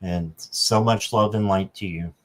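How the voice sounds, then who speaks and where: A man hosting a live stream, giving a gentle, reassuring tarot reading card by card. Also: deep voice, unhurried. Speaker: tarot reader and channel host.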